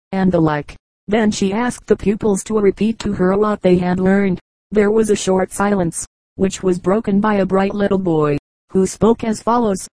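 Woman reading jokes in a mellow voice. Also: mid-range voice, no echo, low-quality recording. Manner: even, measured reading of short jokes. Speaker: audiobook reader. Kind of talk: scripted narration.

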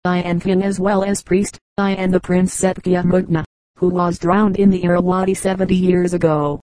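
A fierce fanatic priest, boasting grandly of his magic and his claim to a throne, as a woman reader gives him voice. His voice is low and even, with a dry, close tone. He speaks in a storybook reading. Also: normal speed, dry recording, close to an everyday voice, rough recording. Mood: boastful.

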